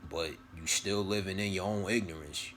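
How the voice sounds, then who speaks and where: A man with a low voice talks in a loose, rambling motivational monologue, full of slang, swearing and repeated phrases. His tone is bright and forceful despite the deep pitch. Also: normal speed, slight background noise. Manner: rambling, slang-heavy, profane, repeats himself. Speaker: vlogger giving spiritual advice.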